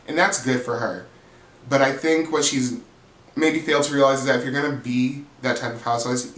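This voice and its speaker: A man's voice: medium pitch, fairly bright tone. Sassy, swearing man with a roomy echo. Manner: sassy, profane, chatty, calls people "girl". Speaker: reality TV recap host. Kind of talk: casual gossipy commentary.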